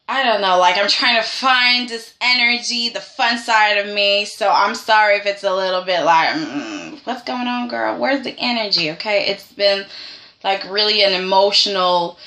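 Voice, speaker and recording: A woman's voice: medium pitch, bright, forceful tone, roomy sound. A woman recapping a TV soap in a casual vlog. She is chatty and keeps dropping "okay" and "like". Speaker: soap opera review vlogger.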